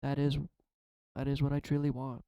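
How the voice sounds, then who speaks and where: A man's voice: mid-range voice, monotone, moderate pace, dark tone, clear, resonant tone, no echo, low-quality recording. A man in a casual spiritual vlog, pulling and reading oracle cards, talking in a reflective and rambling way, emotional and swearing now and then. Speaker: tarot card reader.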